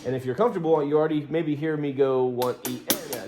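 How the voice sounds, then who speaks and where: A man's voice: mid-range voice, fast talker, few pauses, loud music behind the voice. A man giving a casual drum lesson, counting beats aloud as he explains. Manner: relaxed, counts beats aloud while playing. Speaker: drum teacher. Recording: roomy studio with loud drums.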